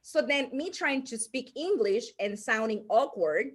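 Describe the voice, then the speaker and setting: A woman's voice: on the high side, a little slow. A woman with a Spanish accent, Spanish her first language, telling stories as a podcast guest with frequent laughter and restarts. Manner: animated storyteller, laughs often, restarts mid-sentence. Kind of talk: casual podcast storytelling.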